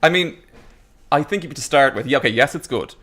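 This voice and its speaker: A man reviewing films in a casual panel chat, animated and mimicking voices as he talks. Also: mid-range voice, fast talker, a crowd in the background. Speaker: film reviewer.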